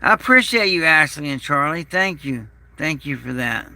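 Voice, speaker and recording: Male prepper vlogger, gravelly and sharp-edged, slow and bitter, dry close sound. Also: a little high, expressive, no room sound. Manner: aggrieved, bitter, repeats himself. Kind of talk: rambling personal monologue.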